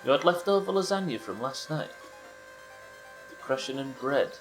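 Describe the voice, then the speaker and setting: This British streamer plays a driving game and chats loosely with viewers, his humor dry and teasing. He speaks at normal speed in an expressive, mid-range voice over soft background music.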